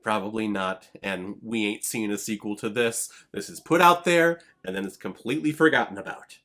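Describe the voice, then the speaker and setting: A man's voice: fairly low pitch, faint music behind. A man hosting a movie review channel, talking casually with sarcastic asides. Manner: lively, quick conversational delivery. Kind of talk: casual film review commentary.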